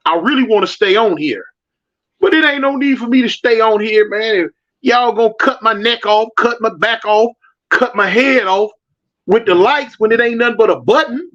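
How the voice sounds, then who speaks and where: A middle-aged man chats loosely on a livestream, calling out viewers by name and pleading for likes in easy street slang. His voice sits high for a man. The sound is a bit dull and lo-fi. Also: normal speed, fairly bright tone. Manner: reads out viewer comments and begs for likes. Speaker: livestream host. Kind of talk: casual livestream chat.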